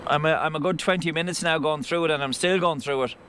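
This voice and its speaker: A blunt Irish truck driver rambles and swears as he drives. His voice sits a little high for a man. Constant road noise from the cab runs under him. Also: fast talker. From Ireland. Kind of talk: driving vlog commentary.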